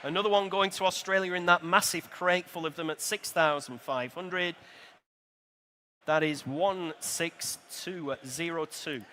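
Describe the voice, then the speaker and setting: A man with a high, bright voice runs a live auction in a motor show sale room, calling bids in a fast, rhythmic flow. Friendly asides go out to bidders, and the spacious exhibition hall lends his voice a long reverb.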